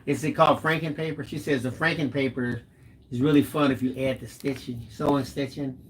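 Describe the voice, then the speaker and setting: A man's voice: medium pitch, fairly even intonation, brisk, a little hiss or hum. A man co-hosting a casual livestream, reading out viewer comments with dry joking asides.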